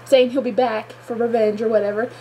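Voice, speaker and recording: A woman's voice: on the high side, level tone, fairly quick, warm tone, a little hiss or hum, poor audio. A woman reviewing a show episode in a gushing, exclamatory chat full of filler words. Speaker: fan reviewer.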